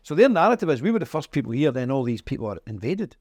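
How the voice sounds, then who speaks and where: Middle-aged Northern Irish male guest, lively pitch, dry room sound; emphatic storyteller. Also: fast talker, no echo. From Northern Ireland. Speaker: interview guest. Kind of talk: conversational interview.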